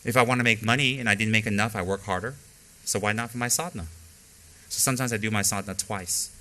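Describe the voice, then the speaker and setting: Speaking fast in a fairly low voice with a sharp tone, a middle-aged man delivers a dharma talk as a Buddhist teacher. He stresses key phrases by repeating them and weaves in candid personal stories from his practice, over slight background noise.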